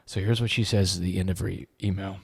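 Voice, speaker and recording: A middle-aged man, a podcast guest, telling an emotional story in an earnest, halting way and often repeating words when moved. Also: low voice, steady tone, gravelly, slightly rough.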